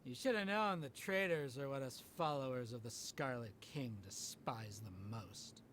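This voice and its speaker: An actor playing a grim male desert cult follower, slow and contemptuous. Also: mid-range voice, a bit bright, slight background noise, natural voice. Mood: scornful.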